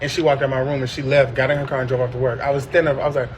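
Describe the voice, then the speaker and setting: A man telling a personal story in casual chat, animated and profane, with sudden high shrieking impressions. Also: very fast, slight background noise. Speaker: podcast host.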